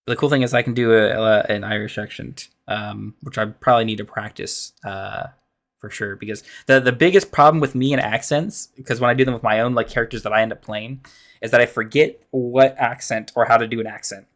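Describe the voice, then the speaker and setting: A man streaming as a dungeon master, thinking aloud while planning a game, halting and trailing off into mumbles. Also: mid-range voice, a bit bright.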